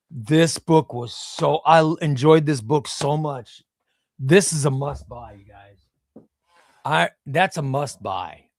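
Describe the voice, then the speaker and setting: This man's mid-range voice comes through clean, studio-grade and echo-free. He's running a laid-back comics livestream from a home room with comic shelves, chatting casually, rambling, repeating words and responding to chat.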